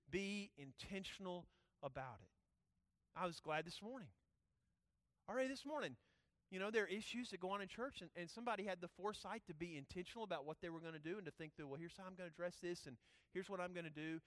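Male pastor, emphatic preaching with hushed asides, higher voice, dry sound. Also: fast, no room sound. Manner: emphatic, swings from loud urging to hushed asides. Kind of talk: sermon.

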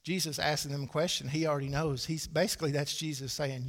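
A pastor in his thirties preaches with a gravelly, slightly raised voice. His delivery is folksy and conversational, full of dry asides. The sound carries a long reverb from the church hall. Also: on the high side, fairly even intonation, fast talker, few pauses, fairly bright tone. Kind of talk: sermon. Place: church sanctuary.

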